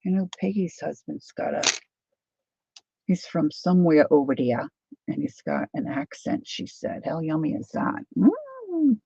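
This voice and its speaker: A woman's voice: low voice, moderate pace, gravelly, warm tone, husky, no room sound, muffled recording. A woman hosting a craft livestream, rambling chattily through a demo and answering viewer comments.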